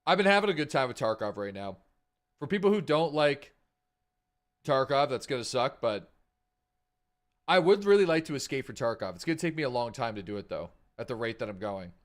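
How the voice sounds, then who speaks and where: A man chatting casually while he streams a game, mid-pitched and unhurried. He thinks out loud, trailing off and circling back with lots of fillers. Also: big pitch swings. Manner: rambling, thinking aloud with many fillers. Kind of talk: casual live-stream gameplay chat.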